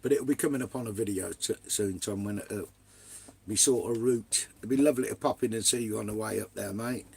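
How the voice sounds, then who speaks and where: A man's voice: lowish voice, brisk, creaky, a little mellow, husky. An Englishman, casually chatting live from his camper van with viewers, full of banter and swearing, calling everyone mate and son. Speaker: vanlife live streamer.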